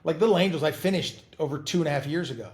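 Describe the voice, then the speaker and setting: Middle-aged male guest, raspy edge, animated anecdotes, restarts and repeats. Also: on the high side, rapid-fire. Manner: animated storyteller, laughs and repeats words. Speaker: guest actor. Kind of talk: casual interview chat.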